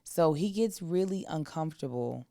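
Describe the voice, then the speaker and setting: A woman in her thirties, co-hosting a podcast, telling a family story in a casual, animated way and acting out the other people's voices. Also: low voice, moderate pace, no room sound, clean studio sound. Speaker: podcast co-host.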